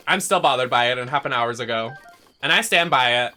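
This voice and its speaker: A young man streaming a video game, ranting in a dramatic, sweary way that swings from shouting to muttering. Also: medium pitch, a little fast. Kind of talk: casual rant while gaming.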